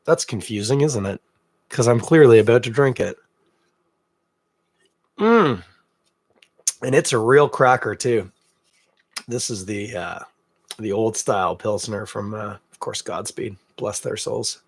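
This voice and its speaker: A man's voice: fairly low pitch, moderate pace, husky, no room sound. Congested, chatty male podcast host. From Canada. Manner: chatty, self-deprecating, rambling asides. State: congested, snuffly from a cold. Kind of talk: casual live beer-tasting chat.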